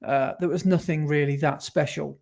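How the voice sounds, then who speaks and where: A man's voice: on the high side, steady tone, moderate pace, vocal fry, darkish tone. Chatty man co-hosting a podcast. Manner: chatty, rambling, self-correcting. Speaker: podcast co-host. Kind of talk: casual chat.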